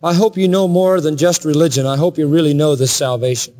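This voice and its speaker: A man preaching a sermon from the pulpit, building passionately to emphatic high peaks. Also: fairly even intonation, a little fast, dark tone. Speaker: pastor. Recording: long hall reverb with faint music.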